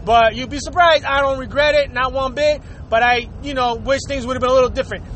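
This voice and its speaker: A man from the United States hosting a podcast, delivering a profane, animated comedic rant and laughing often. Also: very high voice, fast talker, a little hiss or hum, low-quality recording. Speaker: podcast host.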